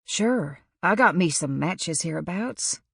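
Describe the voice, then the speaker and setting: A woman's voice: on the low side, lively intonation, slow, gravelly, husky, no room sound, studio quality, exaggerated voice. A woman voicing a wary young cowboy from Kentucky who speaks tersely and folksily, in an audiobook. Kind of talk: audiobook character voice.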